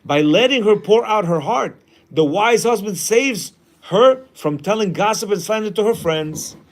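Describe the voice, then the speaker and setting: A man's voice: sits high, expressive, measured pace. A man teaching a class in a casual way, reading a passage aloud and then commenting, often acting out quoted lines.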